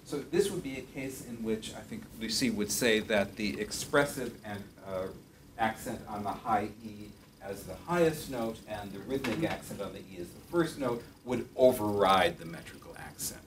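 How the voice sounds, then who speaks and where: A man's voice: on the low side, moderate pace, background noise. Distant lecturing man in a roomy classroom. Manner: thoughtful, many fillers and self-corrections. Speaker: music professor. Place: classroom with piano.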